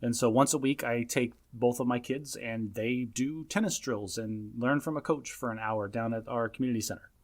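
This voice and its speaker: A man in his thirties co-hosts a casual podcast, his voice sitting at an ordinary middle pitch. He tells stories in an emphatic, lecturing way, pressing his points home. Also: moderate pace, hardly any pauses. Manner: emphatic, lecturing when recounting parenting. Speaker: podcast co-host.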